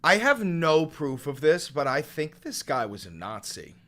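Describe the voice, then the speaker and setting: A man hosting a comedic reaction video, reading aloud and reacting with loud, sarcastic, swearing outbursts. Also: a little high, sing-song, unhurried. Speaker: commentary video host.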